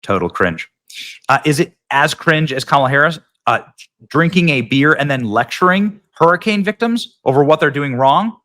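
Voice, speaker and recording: A man's voice: on the high side, lively intonation, moderate pace, pushed and bright. A man hosting casual political commentary, sarcastic and mocking, sometimes mimicking voices.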